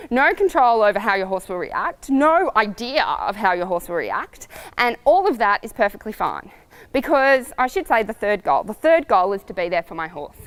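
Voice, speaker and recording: A middle-aged woman riding coach talking casually to camera, animated and storytelling with laughs. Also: a little high, clear, resonant tone.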